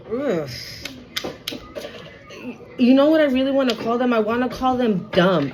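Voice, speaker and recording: A woman with a fairly high voice talks her viewers through a tarot spread at an unhurried pace. She is blunt and emphatic, swears freely, and repeats each warning to drive it home. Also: noisy background. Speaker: tarot reader. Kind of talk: casual tarot reading to viewers.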